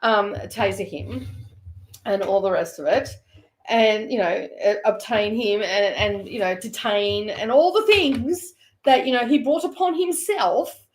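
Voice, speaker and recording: A woman with an Australian accent telling a funny story in a chatty, animated way, breaking into laughter. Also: medium pitch, measured pace. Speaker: host. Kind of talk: casual storytelling.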